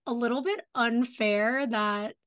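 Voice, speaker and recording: A woman with a fairly high voice talks through a TV episode with her co-host. She is casual and effusive, with plenty of "like" fillers. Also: fairly even intonation, takes it slowly, fairly bright tone, clear, resonant tone. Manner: chatty and effusive, many "like" fillers. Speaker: podcast co-host. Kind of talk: casual TV episode recap chat.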